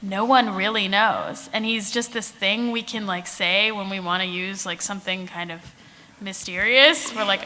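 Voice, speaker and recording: A woman's voice: medium pitch, normal speed, bright, forceful tone, a little hiss or hum. A woman author answering questions at a casual convention panel, giggly and full of fillers. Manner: giggly, uses lots of fillers. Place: large convention hall. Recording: echoey convention hall.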